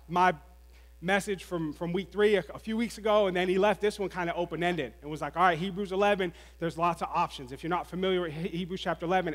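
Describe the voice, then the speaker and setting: Animated high-voiced preacher in a hall. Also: male voice. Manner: animated storytelling with laughs. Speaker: pastor. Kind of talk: sermon. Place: church sanctuary.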